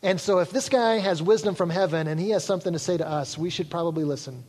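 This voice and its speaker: A man preaching a sermon to a congregation, talking in a relaxed, conversational way and joking with the listeners. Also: high voice, fast talker. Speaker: pastor. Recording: long reverb of a large hall.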